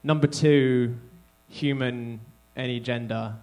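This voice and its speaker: An English man performing stand-up comedy, chatting to the crowd in a loose, conversational way. His delivery is punchy and self-deprecating, and his voice is of ordinary pitch for a man. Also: fairly even intonation, takes it slowly, darkish tone. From England.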